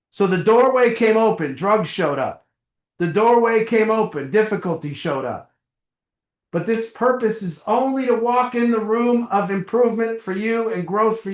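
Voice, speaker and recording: A high-voiced middle-aged man, heard with a roomy sound, talks casually to a small recovery group in a meeting room. His motivational talk is conversational, with little dialogues acted out and a chuckle.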